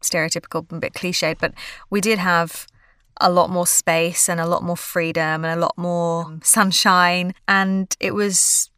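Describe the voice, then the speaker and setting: A young woman with a softened Australian accent chats in an interview, often correcting herself and laughing easily. Her voice sits low for a woman. The sound is close and dry. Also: flat delivery, measured pace, clean tone, no echo. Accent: Australian vowels, softened by years in England. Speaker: guest. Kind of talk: casual interview chat.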